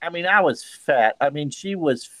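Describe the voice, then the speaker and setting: A man in his fifties chatting casually with blunt, fast-paced banter. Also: a little high, animated, fairly bright tone, no room sound. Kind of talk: casual chat.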